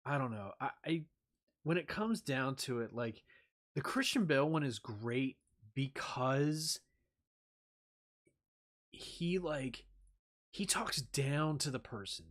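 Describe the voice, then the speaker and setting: A man's voice: mid-range voice, lively intonation, takes it slowly, long pauses, fairly bright tone. A man talking in a rambling casual chat as a streamer, swearing freely and using lots of fillers.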